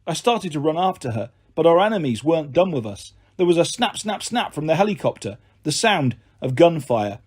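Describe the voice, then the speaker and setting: A man reading a first-person audiobook with expressive, dramatic delivery. His voice sits a little high and sounds husky. His pitch moves a great deal from line to line. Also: a little fast, few pauses. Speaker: audiobook narrator.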